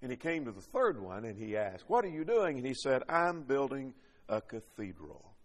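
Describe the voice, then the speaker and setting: A man's voice: mid-range voice, big pitch swings, moderate pace, big-room sound. A man preaching a sermon, reading scripture and building points with rising and falling emphasis.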